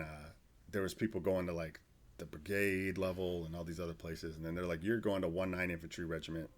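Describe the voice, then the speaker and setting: A man in his forties, an army veteran guest, telling stories in loose, profane, casual podcast chat. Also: sits low. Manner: loose, profane storytelling with restarts.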